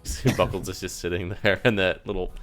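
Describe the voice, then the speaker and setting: A man's voice: low-pitched, steady tone, fairly quick, a bit bright, soft background music. Man rambling as tabletop game master. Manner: rambling, filler-heavy description.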